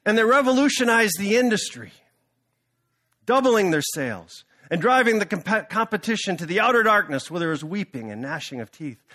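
A male pastor preaching a sermon, telling a story in an animated, dramatic way. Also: high voice, moderate pace.

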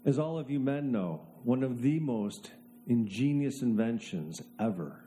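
A man preaching a sermon, telling a story with dry, self-mocking humor and dropping low and soft to make a point. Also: lively intonation, a little slow, background noise.

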